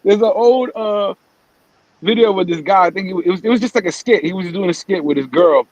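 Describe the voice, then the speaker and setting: A man's voice: high voice, brisk, a little mellow, dry recording, dull audio. A man hosting a casual live-stream morning show, ranting heatedly and swearing often. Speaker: host.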